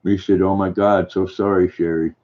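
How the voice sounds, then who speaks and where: An older man with a deep, flat voice chats gently with viewers in a folksy way. His voice comes through dull, lo-fi stream audio. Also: normal speed. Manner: gentle, folksy, reads viewer comments aloud and answers them. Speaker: livestream host reading chat. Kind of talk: casual chat.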